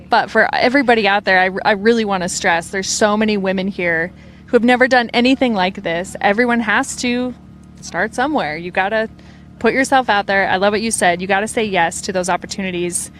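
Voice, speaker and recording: Woman event host, upbeat and encouraging, interviewing outdoors over faint background noise. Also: mid-range voice. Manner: warm, encouraging, laughs often. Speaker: live show host. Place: outdoors at an event finish line.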